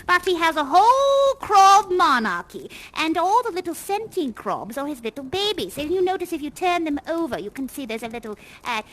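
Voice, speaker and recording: A woman's voice: very high voice, sing-song, normal speed, hardly any pauses, fairly bright tone, heavily acted, rough recording. A woman acting a fussy, theatrical female party hostess who leads a tour with chatty, gushing exclamations over a headset microphone. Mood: tour-guide. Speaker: live actor guiding a tour in a virtual reality theater show. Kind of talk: improvised live role-play.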